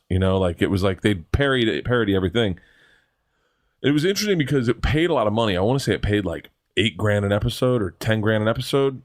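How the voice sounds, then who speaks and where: A man's voice: fairly low pitch, dry recording, studio quality. A middle-aged man, a guest comedian, telling rambling, laughing, profane anecdotes in casual chat. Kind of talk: casual storytelling.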